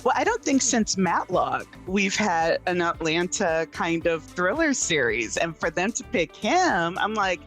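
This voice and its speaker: Animated woman critic who laughs a lot. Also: fairly low pitch, unhurried, hardly any pauses, soft background music. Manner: animated, laughing, lots of fillers. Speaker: film critic. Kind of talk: casual review chat.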